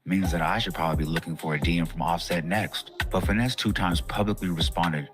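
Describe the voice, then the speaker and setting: A middle-aged man delivering scripted commentary in a measured, wry storytelling manner. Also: sits low, fairly even intonation, over music.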